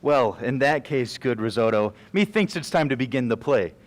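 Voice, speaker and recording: A man's voice: mid-range voice, animated, moderate pace, close to an everyday voice. A young man playing a troupe member who opens a school stage play, reciting in a theatrical way. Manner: theatrical, verse-reciting delivery.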